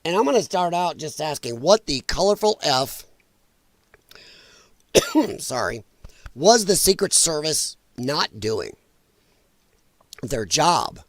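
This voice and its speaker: In a fairly high, sing-song voice, a man speaks slowly with long pauses, no room sound behind him. He hosts a casual political livestream, blunt and exasperated, while a sore throat keeps making him cough and apologize.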